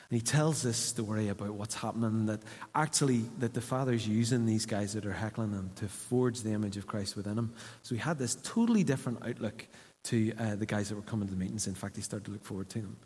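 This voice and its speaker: A man preaching a sermon in a church hall, conversational and earnest, dropping to hushed asides. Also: medium pitch. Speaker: pastor.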